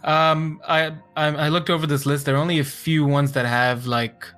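A man's voice: on the high side, steady tone, moderate pace, a bit bright, soft background music. Agreeable man chatting on a podcast. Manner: agreeable, short affirmations. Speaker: podcast co-host. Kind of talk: casual chat.

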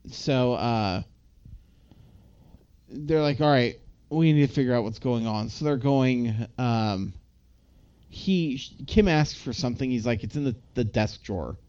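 A man's voice: mid-range voice, measured pace, darkish tone, smooth. A man casually recapping a movie plot as a podcast co-host, rambling with lots of filler words. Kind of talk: casual chat. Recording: slightly dull lo-fi audio.

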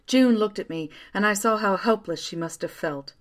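A woman narrating a first-person story aloud in a quiet, steady way. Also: medium pitch, moderate pace.

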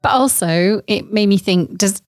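A woman's voice: mid-range voice, measured pace, a little mellow, no room sound. A woman hosting a podcast, blunt and teasing in casual interview chat. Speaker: podcast host.

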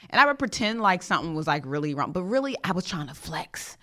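A woman with a slightly low voice hosts a leadership podcast. She is emphatic and direct and repeats herself for effect. She keeps putting rhetorical questions to her listeners. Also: big pitch swings, fast talker, few pauses, bright, forceful tone. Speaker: podcast host and leadership coach. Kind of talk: motivational podcast monologue.

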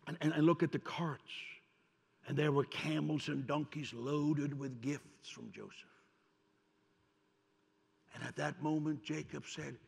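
Male preacher, high voice, sermon delivery with sharp hushed-to-emphatic swings, long hall reverb. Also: vocal fry, breathy edge.

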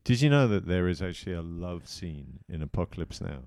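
Man, podcast co-host, low-ish voice, excitable, rambling, dry studio sound. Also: brisk, clean tone, dry recording. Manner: excitable storyteller, rambling with restarts. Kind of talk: casual chat.

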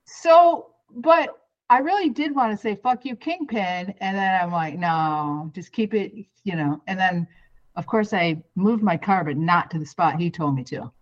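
A woman's voice: lowish voice, animated, unhurried, lo-fi sound. A woman co-hosting a podcast, telling a story bluntly, with plenty of swearing and self-mocking humor. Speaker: podcast co-host. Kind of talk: casual storytelling.

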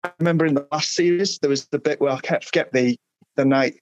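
A man's voice: fairly high pitch, steady tone, quick pace, dry recording, lo-fi sound. A man, chatting casually and rambling through stories with frequent laughs. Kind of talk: casual chat.

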